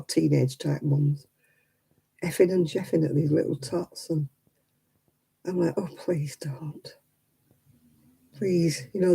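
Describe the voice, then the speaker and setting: A woman's voice: deep voice, creaky, mellow, slightly rough, poor audio. An older woman chatting on her craft livestream, ranting indignantly and rambling with plenty of fillers. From United Kingdom. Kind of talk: casual chat while crafting.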